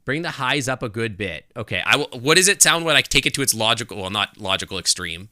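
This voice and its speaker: Man streaming live, bright and forceful tone, lively bouncy pitch, chatty with restarts, close mic. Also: quick pace, no echo. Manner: chatty, thinking aloud with many restarts and asides. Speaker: game streamer. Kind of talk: casual live-stream chat with viewers. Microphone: desk microphone close up.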